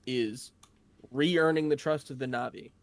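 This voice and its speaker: A man talking through ideas in a relaxed group chat, in a measured and agreeable way. His voice is mid-pitched and sits dry and close, with no room sound around it. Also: dry recording. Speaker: co-host of a movie discussion show. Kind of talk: casual group discussion.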